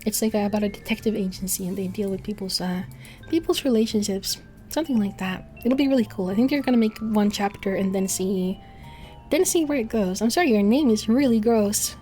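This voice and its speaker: A woman's voice: medium pitch, fairly quick, mellow, faint music behind. A woman VTuber chatting casually on a livestream, rambling and swearing often, laughing between thoughts. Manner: rambling, profane, frequent laughs. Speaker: VTuber streamer.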